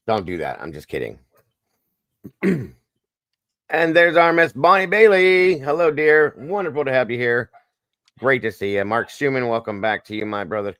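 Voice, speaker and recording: A man with a low, fairly bright voice hosts a casual live stream, greeting viewers one by one and plugging their channels in a jokey, upbeat way. The recording is dry and close to the mic, with no room sound.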